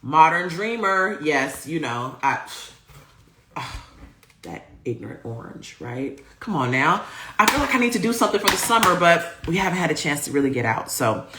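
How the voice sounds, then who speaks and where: A woman's voice: low-pitched, big pitch swings, moderate pace, background noise. A woman hosting a livestream show, hyped and playful as she greets viewers and reads out their comments over a video call. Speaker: host.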